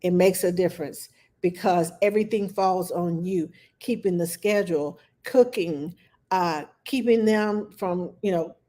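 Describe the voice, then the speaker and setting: A woman's voice: lowish voice, unhurried. A woman hosting a casual livestream as a nanny. She tells stories with animation and acts out what she was thinking back then. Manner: animated storytelling, acts out her own past thoughts.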